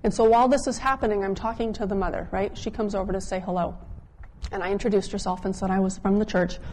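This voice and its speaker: A woman pastor telling a story in a conversational sermon, dropping her voice softer when she quotes people. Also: medium pitch, fairly even intonation, fast, a little hiss or hum. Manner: conversational, drops softer when quoting others.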